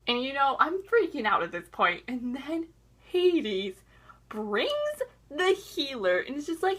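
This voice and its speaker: A woman's voice: high-pitched, a little slow, breathy edge. A young woman recapping a TV episode in casual chat, acting out the characters' lines as she goes. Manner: animated, acts out characters' lines in quoted voices. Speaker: TV recap vlogger.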